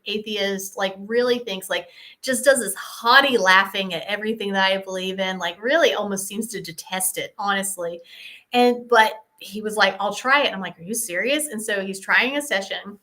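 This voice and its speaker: A woman's voice: medium pitch, bright, forceful tone. A woman hypnosis practitioner telling stories in a casual Q&A. She acts out the dialogue, leans on "like" a lot, and laughs through the punchlines. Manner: chatty, acts out quoted dialogue, frequent "like". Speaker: hypnosis practitioner and course founder. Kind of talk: casual storytelling Q&A.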